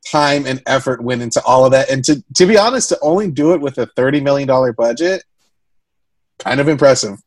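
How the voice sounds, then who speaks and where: A woman's voice: very deep voice, darkish tone, no room sound. A woman co-hosting a podcast, chatting casually about a movie, laughing often and teasing playfully. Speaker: podcast co-host. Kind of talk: casual movie review chat.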